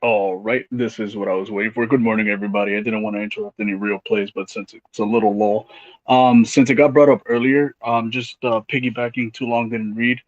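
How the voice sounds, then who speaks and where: A man with a slightly low voice jumps eagerly into a voice chat, polite and chatty. His mic sounds dull and muffled, and the sound is dry. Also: fairly even intonation, fairly quick, no room sound. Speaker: trader in a voice chat. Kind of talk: casual chat.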